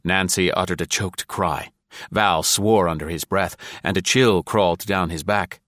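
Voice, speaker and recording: A man narrates an adventure novel in a measured, dramatic reading. His voice is very deep and low. The recording is dry and close, with no room sound. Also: a bit bright, no room sound. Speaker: audiobook narrator. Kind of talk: scripted narration.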